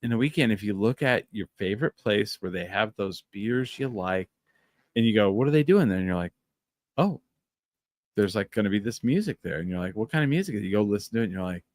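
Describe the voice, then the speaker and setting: A man's voice: fairly low pitch, lively intonation, a little fast, no echo. A man hosting a podcast in casual chat, telling stories with animation and acting out quoted lines. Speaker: podcast host.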